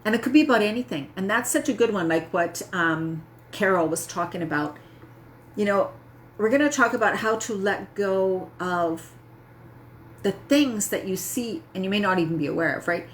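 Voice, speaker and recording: A woman's voice: medium pitch, expressive, normal speed, slight background noise. A middle-aged woman health coach talking casually and candidly to her audience, often tagging her points with "right?". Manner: candid, self-mocking, frequent "right?" asides. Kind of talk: casual talk to camera.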